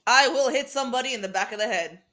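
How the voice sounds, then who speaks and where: A woman's voice: a little high, fast talker, pushed and bright. A young woman co-hosting a podcast, telling playful self-deprecating stories in casual chat. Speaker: podcast co-host.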